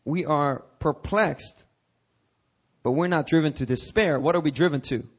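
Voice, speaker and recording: A male pastor delivers a sermon in a somewhat high voice. He talks frankly with his congregation, then swings into dramatic, rising cries. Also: moderate pace, breathy edge. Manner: animated, preaching with dramatic outbursts and rising cries; conversational, candid asides to the congregation.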